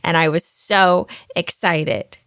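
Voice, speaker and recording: A woman's voice: fairly low pitch, steady tone, slow pace, a bit bright, no room sound, studio quality. A woman hosting her own podcast, talking through a personal story in a chatty, candid, self-deprecating way. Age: adult mother. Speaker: podcast host. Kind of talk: casual podcast monologue.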